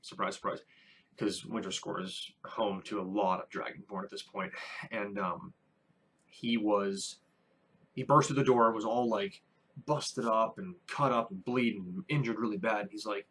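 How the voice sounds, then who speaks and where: A man's voice: lowish voice, steady tone, moderate pace, a bit bright, a little hiss or hum. A man who is a first-time dungeon master, recapping his latest tabletop session in a casual vlog, rambling with many fillers and restarts.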